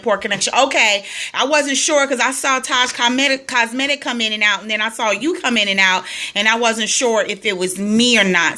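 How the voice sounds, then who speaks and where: A woman's voice: a little high, bright, forceful tone. A woman coaching on weight loss, chatting casually on a live stream from her phone and greeting her viewers by name with sing-song hellos.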